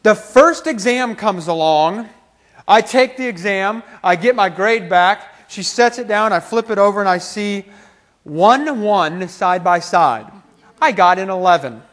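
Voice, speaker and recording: Animated high-voiced male keynote storyteller. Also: a little slow. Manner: animated, self-mocking, laughs through his story. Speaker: keynote speaker. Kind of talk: motivational storytelling to a live audience.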